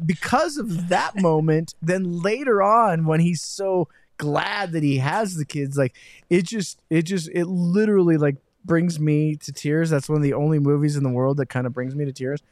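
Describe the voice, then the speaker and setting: A man hosting a podcast, telling stories in a lively, self-mocking way. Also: a little high, normal speed, no echo. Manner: animated, self-mocking storyteller. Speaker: podcast host. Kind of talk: casual chat.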